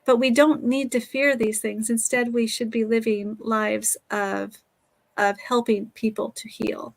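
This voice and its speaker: A woman's voice: a little high, level tone, measured pace, creaky. A middle-aged woman, a teacher and author, talking earnestly and reflectively as an interview guest.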